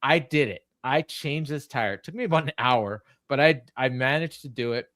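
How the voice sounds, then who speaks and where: A man's voice: mid-range voice, normal speed, fairly bright tone, no echo, studio quality. A middle-aged man, co-hosting a casual podcast and telling long stories full of ums and restarts. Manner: rambling storyteller, many ums and restarts. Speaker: co-host.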